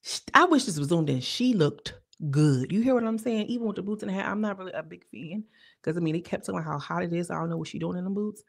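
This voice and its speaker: A woman reviewing a reality TV episode in casual, slangy, animated commentary. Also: on the low side, fast talker, vocal fry. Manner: animated, slangy, acts out quotes.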